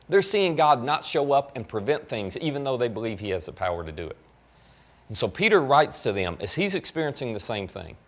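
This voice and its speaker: A male pastor preaching a sermon, telling a story and voicing imagined lines for the people in it. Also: medium pitch. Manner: voices imagined lines for the apostle and the listener in his own voice; rising and falling emphatic preaching.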